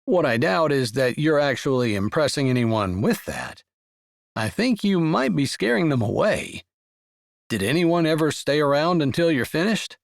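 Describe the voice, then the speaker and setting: A man's voice: moderate pace, vocal fry, dry recording. A man doing an easygoing wry young man. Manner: low, relaxed and wry.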